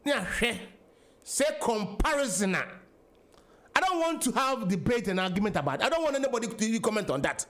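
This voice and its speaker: A man's voice: high-pitched, very animated, brisk, a bit bright. A Ghanaian man hosting a political talk radio show, giving an emphatic monologue that mixes English and Twi.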